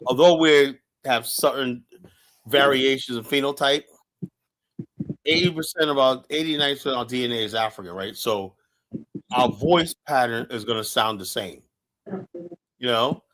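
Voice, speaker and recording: A man hosting a podcast in casual, rambling chat, with a mid-pitched voice. He swears freely and goes off on tangents as he tells his stories. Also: moderate pace, pauses often. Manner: rambling, animated storytelling with swearing. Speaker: podcast host.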